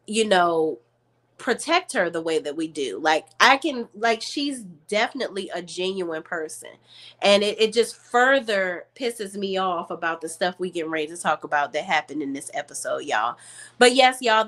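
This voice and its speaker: A woman hosting her online show, telling viewers a story in a chatty, slangy way. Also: medium pitch. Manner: animated, slangy, addresses viewers as y'all.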